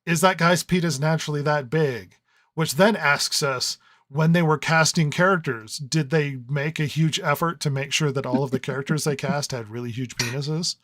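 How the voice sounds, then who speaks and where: A man's voice: on the high side, moderate pace, a bit bright, no room sound, clean studio sound. A man co-hosting a podcast review in casual chat, rambling and riffing with lots of stammered restarts. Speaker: podcast co-host.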